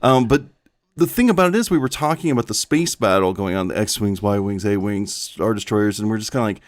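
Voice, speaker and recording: A man's voice: lowish voice, expressive, brisk, no room sound, studio quality. A man in casual podcast chat about a film, joking and acting out bits of dialogue. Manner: jokey, acts out dialogue in quotes. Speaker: podcast co-host.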